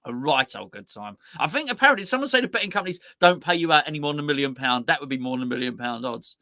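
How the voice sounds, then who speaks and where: A man hosting a live stream, rambling chattily and reading out viewers' messages, swinging between excited highs and low muttered asides. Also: quick pace, dry recording, studio quality. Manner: rambling, chatty, talking to himself while reading out the chat. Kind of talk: casual live-stream chat.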